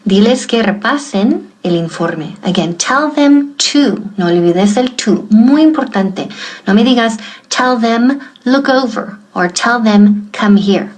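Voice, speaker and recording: A woman teaching an English class, slowly and deliberately drilling example sentences and switching between explanation and repetition. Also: mid-range voice, low-quality recording. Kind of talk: bilingual language lesson.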